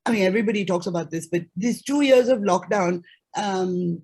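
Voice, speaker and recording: A husky-voiced woman with an Indian English accent, talking as an interview guest over a video call. She speaks emphatically, repeats words to drive a point home and laughs easily. Her pitch sits in a middle range for a woman. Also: a little fast, darkish tone. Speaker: author and translator, interview guest. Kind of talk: conversational interview.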